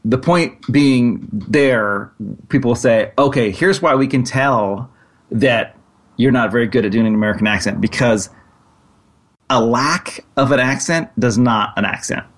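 A man co-hosting a podcast who talks casually and in a halting way, restarting his sentences as he thinks aloud. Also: medium pitch. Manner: rambling, halting, many restarts. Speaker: podcast co-host.

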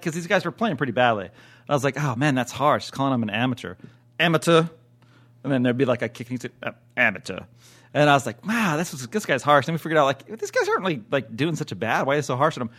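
A man's voice: mid-range voice, a bit bright. An American man co-hosting a podcast, rambling casually with frequent restarts. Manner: rambling, many fillers and restarts, laughs easily. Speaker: podcast co-host. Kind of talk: casual chat.

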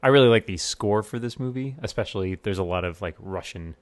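A man's voice: fairly low pitch, a little fast, no echo. A man hosting a casual movie commentary podcast, wry and joking, on a close mic. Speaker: podcast host.

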